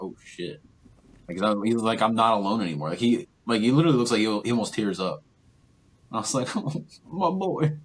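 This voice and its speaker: Deep-voiced young man rambling through a recap. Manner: rambling, filler-heavy retelling with lots of "like" and "um". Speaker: podcast co-host. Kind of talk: casual movie recap chat.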